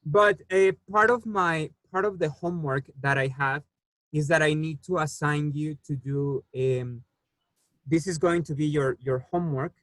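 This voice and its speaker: A man who speaks natively leads an English lesson with a patient, unhurried manner, pausing on fillers as he walks his students through the answers. His voice sits a little high for a man. The recording is close and dry, with no room echo. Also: fairly even intonation, a bit bright. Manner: patient, explains slowly with many fillers. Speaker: English teacher. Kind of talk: online class teaching.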